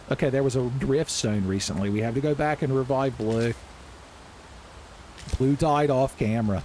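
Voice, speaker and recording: A man giving loud, profane, joking commentary while playing a video game. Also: mid-range voice, very animated, moderate pace, slight background noise. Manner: loud, profane, jokey, yelling at enemies. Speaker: gaming streamer. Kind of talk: casual gameplay commentary. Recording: gameplay music behind voice.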